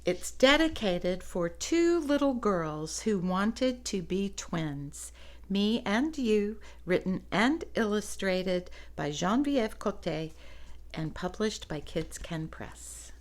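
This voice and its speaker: A woman reading a picture book aloud to children, gently pointing out the pictures and laughing softly. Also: medium pitch, animated, slow pace.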